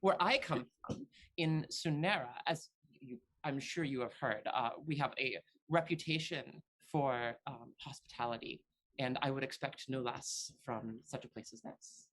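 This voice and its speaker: A tabletop player voicing a disguised noblewoman who speaks in a halting, overly formal way. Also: mid-range voice, fairly bright tone. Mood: haughty. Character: pompous disguised noblewoman, lady visitor.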